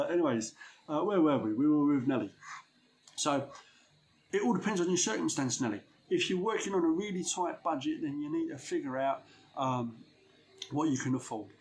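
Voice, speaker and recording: A man's voice: on the high side, a little hiss or hum. Blunt chatty man. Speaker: window cleaning business owner. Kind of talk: casual advice vlog.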